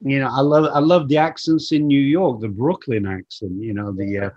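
Halting Lancashire man, muffled audio. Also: mid-range voice, a little mellow. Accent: Lancashire, softened by decades in America. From northern England. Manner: reflective, halting, repeats words when starting. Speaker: guest musician. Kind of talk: casual interview chat.

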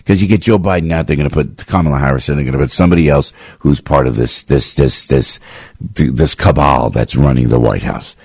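A man with a very low, husky voice hosts a radio talk show. He rants through a fired-up political monologue and keeps repeating his lines. The sound is dry and close to the mic. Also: brisk, a little mellow, no room sound. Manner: fired-up, ranting, repeats phrases.

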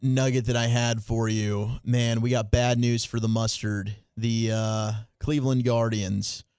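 A man's voice: mid-range voice, little pitch movement, unhurried, darkish tone, clean tone, dry recording. A man hosting a sports radio segment in a casual, rambling way with a studio mic. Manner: laid-back, rambling, laughs often.

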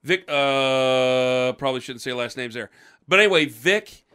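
At medium pitch and a little slow, this co-host sounds pushed, bright and smooth. Still carrying a lingering cough, he tells a meandering podcast story in casual chat, restarting and voicing the people he quotes into a podcast microphone.

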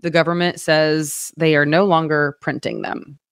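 A woman co-hosting a casual local news show, chatty and quick to laugh, with many fillers. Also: deep voice, fairly even intonation, gravelly, clean tone, no echo, clean studio sound.

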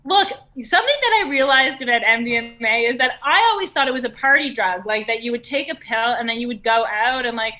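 A woman's voice: fairly high pitch, fast talker, hardly any pauses, pushed and bright. A woman talking as a guest on a casual podcast, candid and matter-of-fact.

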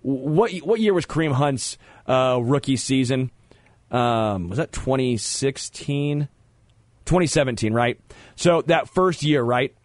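Man, sports radio host, opinionated, stammering restarts, mid pitch, dry studio sound. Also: lively intonation, measured pace, no echo. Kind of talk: sports talk radio banter.

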